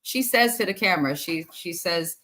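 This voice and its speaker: Woman host, lowish voice, chatty live reality-TV recap, blunt and profane. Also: expressive, moderate pace, pushed and bright. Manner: chatty, talks straight to viewers. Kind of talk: casual live episode recap.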